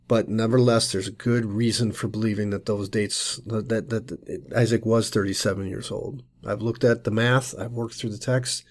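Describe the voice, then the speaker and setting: A man's voice: mid-range voice, a little mellow. Earnest man teaching scripture. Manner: earnest, explanatory, with frequent restarts. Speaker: Messianic teacher. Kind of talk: Bible teaching sermon.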